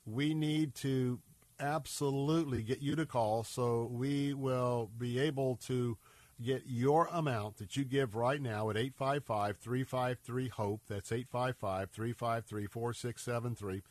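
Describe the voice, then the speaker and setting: A man's voice: mid-range voice, steady tone, measured pace, dry recording. Urgent male radio host, dry studio sound. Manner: urgent, earnest pleading with frequent fillers. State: scratchy, congested voice. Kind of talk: radio fundraising appeal.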